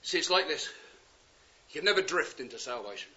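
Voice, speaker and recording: A man preaching a sermon, impassioned and pleading, swinging from loud urgent appeals to hushed words. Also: a little high, expressive, a little fast. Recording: dull lo-fi sound.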